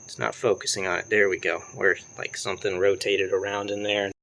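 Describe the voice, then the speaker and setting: A man's voice: fairly low pitch, flat delivery, a little fast, vocal fry, fairly bright tone. A man casually talking through car work in his garage, loose and profane. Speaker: car vlogger. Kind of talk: casual garage vlog talk. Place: home garage.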